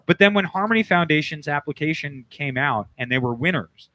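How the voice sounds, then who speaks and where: A man's voice: fairly high pitch, lively intonation, fairly quick, pushed and bright, no echo. A man hosting a casual podcast chat, telling long rambling stories full of restarts and "like". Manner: rambling storyteller, many restarts and "like". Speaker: podcast host.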